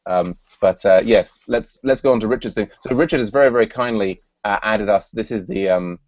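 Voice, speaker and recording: A man's voice: fairly low pitch, fairly quick, a little mellow, no echo, dull audio. A man hosting an online work meeting, thinking aloud with frequent restarts and fillers. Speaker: meeting host. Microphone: video call.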